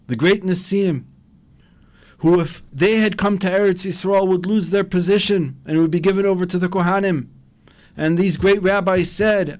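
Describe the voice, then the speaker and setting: A man's voice: high voice, normal speed, darkish tone. A man, a rabbi, giving an impassioned Torah lecture and acting out dialogues with a rising voice.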